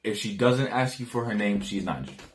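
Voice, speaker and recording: A man's voice: on the low side, lively intonation, fast. A man giving dating advice in a casual, rambling monologue, full of slang, profanity and restarts. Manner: acts out dialogue lines.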